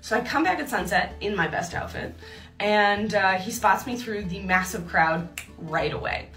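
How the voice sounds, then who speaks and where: A woman's voice: medium pitch, moderate pace, fairly bright tone, reverberant. A young woman telling a personal story in a chatty way, laughing often and acting out her own thoughts. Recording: distant mic with faint music.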